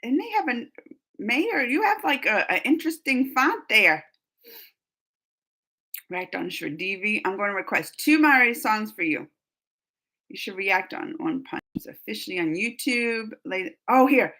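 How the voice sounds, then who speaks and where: Bright-voiced woman chatting on a livestream. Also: fairly high pitch, lively intonation, unhurried. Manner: chatty, rambling, laughs often. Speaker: livestream host reading chat. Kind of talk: casual live chat.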